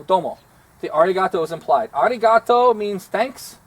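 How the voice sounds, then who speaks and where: A man's voice: high-pitched, expressive, moderate pace. A man, a martial arts instructor giving a rambling, self-deprecating outdoor lesson. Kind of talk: casual instructional talk.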